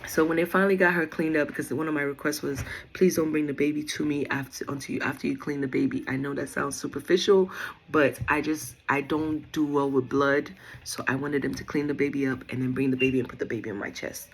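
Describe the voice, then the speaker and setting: Woman vlogger, casual rambling storyteller, gravelly fry, faint room noise. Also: low voice, fairly even intonation, quick pace. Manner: chatty, rambling, lots of fillers. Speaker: new mother telling her birth story. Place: at home.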